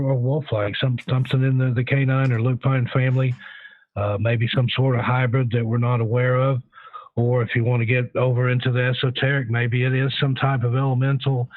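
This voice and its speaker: Guy from the pacific northwest on a phone line, sounds tinny, pauses a lot, um uh. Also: medium pitch, no echo. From Pacific Northwest, United States. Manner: thoughtful, hesitant, many fillers. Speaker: guest, paranormal researcher. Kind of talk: radio interview answers.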